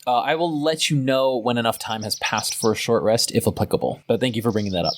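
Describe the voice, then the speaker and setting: A man narrating a tabletop game as game master in a relaxed, descriptive way. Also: medium pitch, quick pace, a little hiss or hum.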